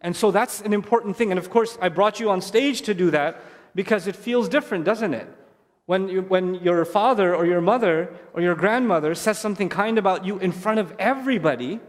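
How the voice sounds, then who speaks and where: A middle-aged man gives a lively stage talk to parents, with a fairly high voice. He tells stories in an animated way and repeats his key phrases. His voice carries a long reverb from a large hall. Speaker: speaker at a family event.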